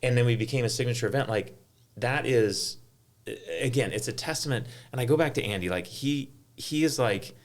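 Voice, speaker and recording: A middle-aged man, a golf tournament director, telling stories in an animated way on a panel, full of "like" fillers. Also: mid-range voice, fairly quick. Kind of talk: panel conversation, storytelling.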